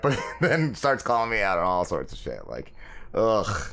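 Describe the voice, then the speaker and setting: A man's voice: on the low side, huge pitch swings, normal speed, fairly bright tone. A man hosting a podcast, ranting with constant swearing and mimicking other people. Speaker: podcast host. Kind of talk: profane casual rant.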